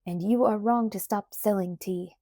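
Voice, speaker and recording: A woman reading the part of an angry loyalist gentleman who scolds loudly and slowly. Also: medium pitch, fairly even intonation, no echo, clean studio sound, close to an everyday voice. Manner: loud, slow, scolding.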